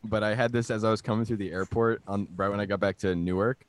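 A man's voice: on the low side, fairly even intonation, fast, a little hiss or hum. A young man telling rambling stories as co-host of a casual comedy podcast, full of fillers. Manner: rambling storyteller, many fillers.

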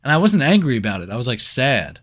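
A man co-hosting a podcast, chatting casually about a movie, animated and swearing now and then. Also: medium pitch, fast. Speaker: podcast co-host. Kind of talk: casual movie review chat.

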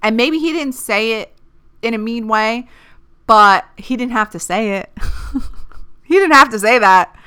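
A woman in her thirties hosts a podcast and rants through dating advice in a casual monologue, blunt and quick to curse. Her bright, smooth voice sits on the high side, and she sounds fired up, animated and opinionated.

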